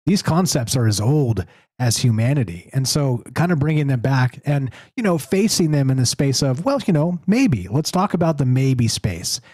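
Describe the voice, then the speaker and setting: A man hosting a call-in show, talking in an animated, emphatic way about ideas. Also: medium pitch, normal speed, no echo. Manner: animated, emphatic, rising to exasperated. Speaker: show host. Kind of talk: casual call-in chat.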